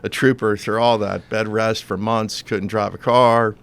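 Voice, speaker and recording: A man in his fifties from New Jersey, a guest telling family stories in a casual, animated way and laughing often. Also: lowish voice, unhurried, creaky, clean tone. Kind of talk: casual storytelling.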